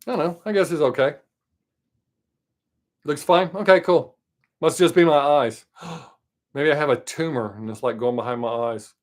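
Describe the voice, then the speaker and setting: Rambling Southern man chatting live. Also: fairly high pitch. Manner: rambling, chatty, tries to talk fast. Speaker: live stream host. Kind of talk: casual live stream chat. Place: at home.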